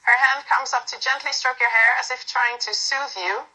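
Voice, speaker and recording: A woman narrating a second-person romantic story in a soft, unhurried reading with small slips. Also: on the high side, fairly even intonation, low-quality recording.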